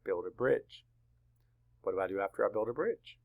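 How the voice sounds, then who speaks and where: In a narrow, tinny recording, a male teacher with a fairly low, animated, gravelly voice guides young kids through spelling. He goes slowly and deliberately, letter by letter, asking questions and then answering them himself.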